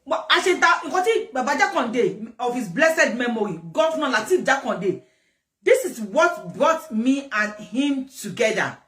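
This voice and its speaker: A Nigerian woman with a very high voice gives casual, rambling commentary, often repeating herself and breaking into laughter. She sounds far from the mic, in an echoey room. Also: big pitch swings, a little slow, a bit bright. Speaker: commentator host. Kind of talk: casual commentary mixing English and Yoruba.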